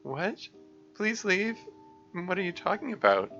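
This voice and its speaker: A man voicing a caring, earnest teenage girl, club president, speaking in a gentle, pleading, concerned way. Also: sits high, sing-song, unhurried, muffled recording, faint music behind, voice pushed up, full character voice. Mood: worried.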